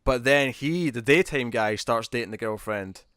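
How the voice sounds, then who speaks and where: A man co-hosting a podcast speaks in a fairly bright, clean mid-range voice at a moderate pace, recorded dry with clean studio sound. He chats casually and rambles about movie trailers, restarting often.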